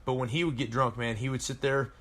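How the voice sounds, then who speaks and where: A man's voice: mid-range voice, fairly even intonation, fast, fairly bright tone. A man in his thirties from Colorado, a Marine veteran guest telling rambling, profane stories in casual chat. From Colorado, USA.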